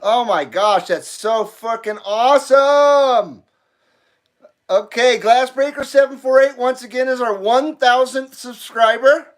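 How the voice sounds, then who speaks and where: Breathless, excitable man streaming live. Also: very high-pitched, takes it slowly. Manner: excitable, swears freely, laughs and coughs between lines. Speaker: channel host. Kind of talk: casual live stream chat.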